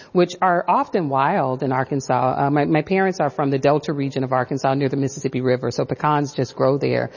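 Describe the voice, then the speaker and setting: Reflective female professor with a low voice, in a dull room with a long echo. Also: darkish tone. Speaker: professor and author. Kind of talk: radio interview.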